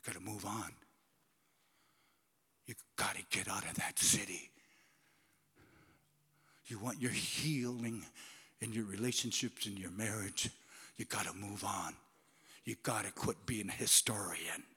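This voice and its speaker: Animated preacher with a bright, ringing voice. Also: male voice, fairly low pitch, unhurried, pauses often, breathy edge. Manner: animated and conversational, swinging between loud and whispered. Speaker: pastor. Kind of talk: sermon. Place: church sanctuary. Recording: long church reverb.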